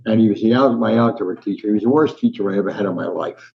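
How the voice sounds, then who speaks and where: With a lowish, creaky voice and a fast delivery, an older sports columnist from Newark, New Jersey, tells stories as a guest in an interview. He animates them by acting out the quoted voices, and the audio is slightly dull and lo-fi.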